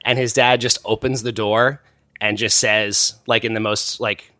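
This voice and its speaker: A man's voice: on the low side, flat delivery, a little slow, pushed and bright, no echo. Rambling man telling stories, dry sound. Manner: rambling storyteller, many fillers and restarts. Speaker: podcast guest, musician. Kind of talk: casual chat.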